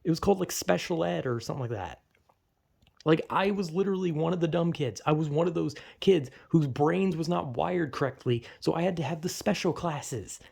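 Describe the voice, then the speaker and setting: A man's voice: on the high side, brisk, gravelly, a little mellow. A young man ranting casually and profanely, exasperated, often acting out the people he quotes. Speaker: vlogger. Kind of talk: casual rant.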